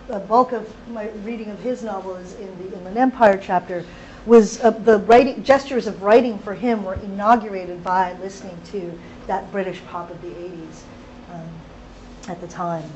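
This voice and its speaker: A woman in her thirties, an academic reading her research talk aloud in a seminar room, measured and literary with occasional off-script asides. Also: mid-range voice, a little mellow. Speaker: academic lecturer. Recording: dull lo-fi lecture recording, faint noise.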